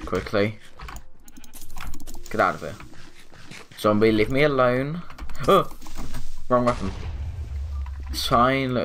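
A man giving chatty let's play commentary, rambling and excitable, with frequent exclamations. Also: on the low side, a little hiss or hum. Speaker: gaming YouTuber.

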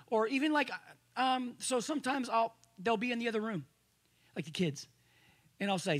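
Male pastor, sermon to a congregation, husky voice, chatty with many restarts, loud emphasis then quiet asides. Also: very high-pitched, animated, moderate pace. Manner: conversational preaching with frequent restarts. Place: church service room with a congregation.

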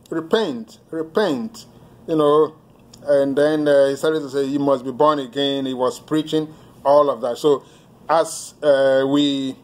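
Guy preaching a sermon, middle pitch, lots of uhs and restarts, reads hymn lines then explains them. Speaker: pastor.

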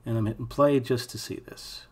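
A young man with a slightly husky voice talks through a software tutorial as he works. His delivery is relaxed and informal, with offhand asides while keys click and a mouse taps in the background. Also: mid-range voice, normal speed. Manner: thinking aloud while working, casual asides. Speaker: animation instructor. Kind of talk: screen-recorded software tutorial.

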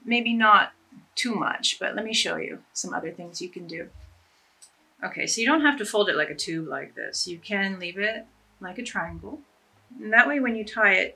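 Bright, husky woman demonstrating scarves. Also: mid-range voice. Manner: chatty, enthusiastic, self-deprecating. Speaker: fashion vlogger. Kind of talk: casual try-on demonstration.

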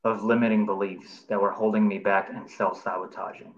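A man speaking as an artist and guest in a casual interview, earnest and halting as he agrees and explains. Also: fairly low pitch, flat delivery, lo-fi sound. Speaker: artist, program student and guest.

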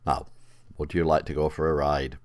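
Calm magic rocking horse from a bedtime story, super deep and steady man doing it, dry close sound. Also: normal speed, dry recording. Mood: kindly. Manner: warm, reassuring, steady. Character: gentle, kindly male rocking horse.

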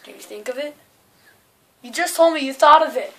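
A woman with a very high, light voice chats in a relaxed vlog. She teases her partner and laughs easily. Her talk is loose and bantering. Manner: bubbly, teasing, quick to laugh. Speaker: vlogger playing an accent guessing game. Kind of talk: casual playful chat.

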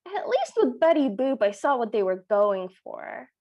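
A woman's voice: fairly high pitch, very animated, normal speed, muffled recording. Sarcastic woman podcast co-host. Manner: sarcastic, exasperated. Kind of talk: casual chat recapping a film.

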